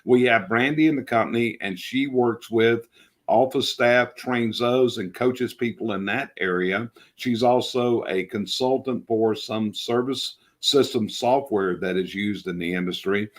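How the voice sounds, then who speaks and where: A man's voice: medium pitch, measured pace. A middle-aged man with a North Carolina Southern accent, a business coach talking bluntly and folksily in a casual interview. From North Carolina, Charlotte area.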